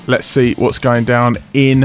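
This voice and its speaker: A man's voice: mid-range voice, level tone, a little slow, faint music behind. A man hosting a radio show, reading out the chart with casual banter. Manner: chatty, reads out the chart. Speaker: radio host.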